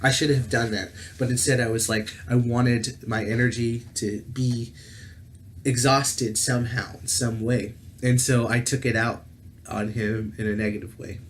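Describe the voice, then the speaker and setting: A man's voice: mid-range voice, level tone, measured pace. Man rambling through a story in an echoey room. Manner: rambling, with many fillers and self-corrections. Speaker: tabletop gaming channel host. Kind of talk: casual storytelling monologue. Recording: roomy echo with faint background noise.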